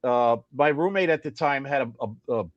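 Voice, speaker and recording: A man's voice: medium pitch, normal speed, dry recording, lo-fi sound. An older man, a guest musician, telling long rambling anecdotes in a casual interview. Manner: rambling, animated storyteller.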